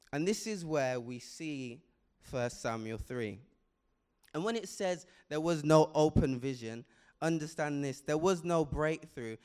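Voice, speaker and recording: A man preaching a sermon with impassioned delivery, building to loud emphatic peaks with frequent repetitions and restarts. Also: on the high side.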